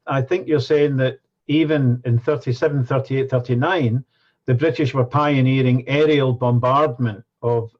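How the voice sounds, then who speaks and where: Man interviewer, earnest and probing. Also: mid-range voice. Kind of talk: interview questions. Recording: dull lo-fi recording.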